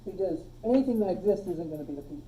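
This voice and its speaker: Very dark-voiced woman teaching logic. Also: lowish voice, racing, distant mic, a little hiss or hum, rough recording. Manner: relaxed, asks the class questions and jokes. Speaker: logic instructor. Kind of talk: classroom lecture. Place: classroom. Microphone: phone streaming the class.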